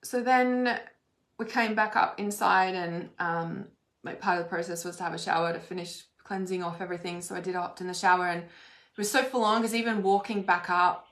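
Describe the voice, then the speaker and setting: A woman's voice: fairly low pitch, steady tone, fairly quick, fairly bright tone. A woman telling a personal story in a casual, rambling way, full of "like" and frequent swearing. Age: adult. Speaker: spiritual vlogger. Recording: roomy echo.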